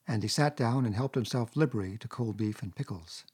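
A man narrating a classic children's story aloud in a steady reading voice. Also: mid-range voice, a little fast, slightly rough.

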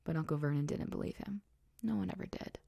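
Woman reading a story in a husky whisper. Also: deep voice, quick pace. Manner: soft, hushed and steady. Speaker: narrator.

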